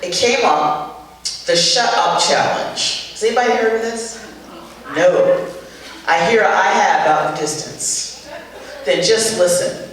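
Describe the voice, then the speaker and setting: An older woman comedian doing stand-up on a charity show stage, telling stories in an animated, exasperated way with punchy asides. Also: on the low side, a little slow, long pauses, slight background noise. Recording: echoey hall, voice far from the mic, faint ambience.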